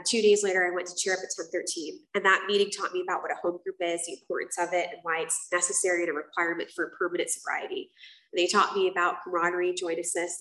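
A woman's voice: lowish voice, pushed and bright. Candid woman sharing her story, heard from afar. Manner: casual and candid, frequent fillers and swearing. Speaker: speaker at a recovery meeting. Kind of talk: personal testimony to a live group. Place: meeting room. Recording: roomy sound from a distance.

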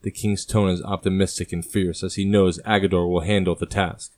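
A man quietly narrating a historical story in an even reading voice. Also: sits low, brisk, few pauses, no echo, clean studio sound.

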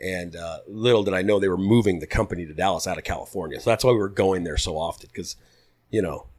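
A man in his thirties, a podcast guest, telling stories in a relaxed, casual way, swearing freely and acting out what people said. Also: low-pitched, quick pace. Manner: relaxed, swears freely, acts out quoted dialogue. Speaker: podcast guest, pilot turned putter maker. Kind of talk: casual storytelling.

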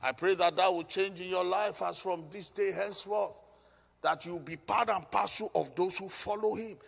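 High-voiced preacher guy, gravelly and husky, echo from a big hall. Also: fairly even intonation, moderate pace, fairly bright tone. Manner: emphatic preaching with repeated phrases. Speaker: pastor. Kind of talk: sermon.

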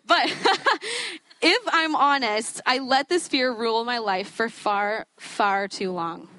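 A woman's voice: a little high, expressive, slow, pushed and bright, no echo. A young woman giving a sermon in a chatty, self-deprecating way, often breaking into laughter. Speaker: student preacher.

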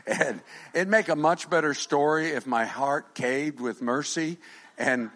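A middle-aged male pastor preaching a sermon, animated, swinging from shouted lines to quiet asides and joking with the congregation. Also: a little high, a little slow. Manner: jokes with the congregation.

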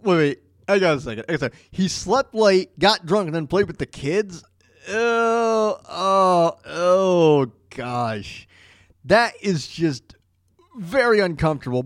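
A man's voice: a little high, dry recording, clean studio sound. A man hosting a podcast, joking along over a narrated story, stammering and restarting as he riffs. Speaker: podcast host. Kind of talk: casual commentary.

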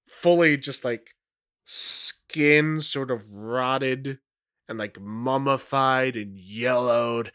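A man's voice: medium pitch, fairly bright tone, dry recording, clean studio sound. A man running and narrating a solo tabletop role-play game, rambling with many fillers. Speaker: game master and player.

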